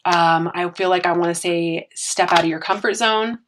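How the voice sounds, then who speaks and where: A woman's voice: fairly low pitch, fairly even intonation, normal speed, background noise. A woman giving a casual, encouraging tarot reading, earnest and full of fillers and restarts. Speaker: tarot reader.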